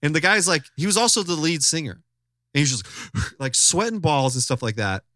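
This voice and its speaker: A man hosting a podcast, telling a story in loose, animated, profane casual chat. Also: fairly high pitch, a little fast, no room sound. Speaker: podcast host.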